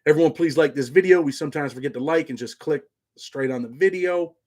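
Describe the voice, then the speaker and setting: A man's voice: on the high side, a little fast, darkish tone. Laid-back man chatting on a livestream. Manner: loose, repeats "man" often, reads chat aloud. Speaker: livestream host. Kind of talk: casual livestream chat.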